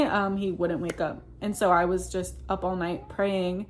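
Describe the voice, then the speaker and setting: A woman's voice: on the low side, flat delivery, moderate pace. A woman telling a personal story in a casual monologue. She rambles earnestly, with many fillers and restarts, and uses religious Christian phrasing. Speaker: vlogger recounting personal experiences.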